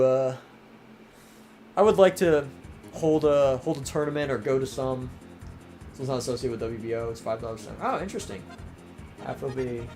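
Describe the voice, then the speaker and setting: A young man with a slightly mellow mid-range voice hosts a livestream, casually chatting and reading viewer comments. His accent mixes Maryland, Southern and New York-New Jersey, and he rambles with many restarts and fillers, his voice starting to strain.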